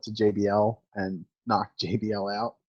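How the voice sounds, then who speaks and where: A man's voice: lowish voice, flat delivery, moderate pace, a little mellow, breathy edge, highs cut off. A man co-hosting a casual wrestling chat, talking in a laid-back, matter-of-fact way with blunt opinions. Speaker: co-host.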